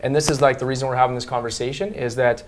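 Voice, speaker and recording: A man co-hosting a casual panel talk as a relationship coach, earnest and halting, full of restarts and fillers. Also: medium pitch, fairly even intonation, a little hiss or hum.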